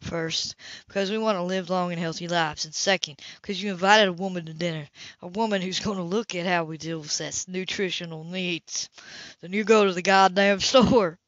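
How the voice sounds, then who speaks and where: A woman reading the part of a fussy, bossy young man, exasperated and a little lower-voiced. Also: fairly even intonation, moderate pace, no echo, muffled recording, close to an everyday voice.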